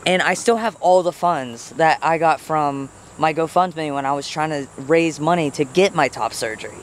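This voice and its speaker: A young man with a fairly high voice chats into a handheld phone camera outdoors, rambling and earnest. Faint crickets and the odd passing vehicle sit behind him. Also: normal speed, a little hiss or hum. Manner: rambling and earnest, voice jumps high when talking to pets. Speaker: vlogger. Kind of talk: casual vlog talk. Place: outdoors by a house and garden.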